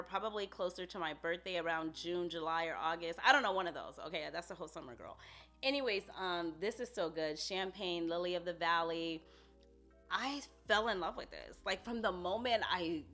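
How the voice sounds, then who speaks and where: A woman's voice: fairly low pitch, a bit bright. A woman reviewing fragrances in a casual vlog, gushing and talking straight to her viewers.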